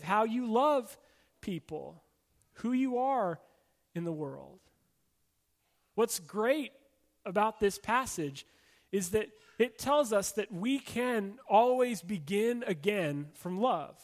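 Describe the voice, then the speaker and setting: A man with a high voice preaches a sermon to his congregation. He talks in a loose, conversational way with casual fillers, then slows and softens to stress his main points. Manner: conversational preaching with casual fillers, drops soft and slow for emphasis. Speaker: pastor.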